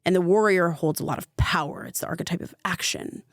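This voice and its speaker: A woman's voice: lowish voice, fast, no room sound, clean studio sound. A young adult woman, a spiritual coach guesting on a podcast, telling a personal story in a casual, chatty way full of fillers. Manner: chatty, fillers of "like", vivid retelling.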